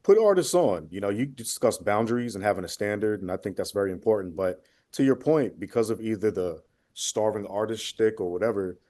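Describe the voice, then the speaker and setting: A man hosting a panel interview, his voice on the low side. He asks measured, thoughtful questions and mostly answers his guest with short affirmations. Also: animated, warm tone.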